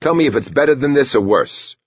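A man voicing a moody middle-aged fry cook with a gruff manner. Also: mid-range voice, lively intonation, a little fast, dry recording, pitched above the performer's own voice. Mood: probing. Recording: dull lo-fi recording.

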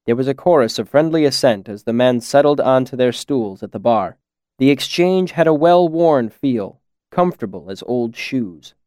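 A man's voice: mid-range voice, darkish tone, clean tone, no room sound. Man narrating an audiobook, dry sound.

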